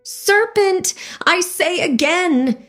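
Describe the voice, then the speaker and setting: A woman voicing a fretful, suspicious female pigeon with a shrill, indignant manner in a storybook reading. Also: lively intonation, drawn-out words, fairly bright tone, faint music behind, full character voice. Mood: shrieking.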